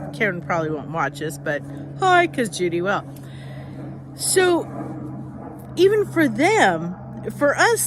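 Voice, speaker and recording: A woman's voice: fairly high pitch, noisy background. An older woman, an author, with a nasal voice, chatting casually on a live stream, rambling and greeting viewers by name.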